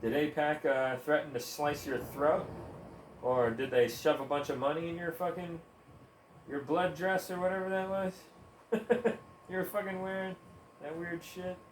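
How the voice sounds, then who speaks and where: A fairly high-pitched man streams a game and delivers heated, sarcastic, profanity-laced commentary punctuated by laughter. There's a roomy echo with faint ambience and a slight hiss or hum.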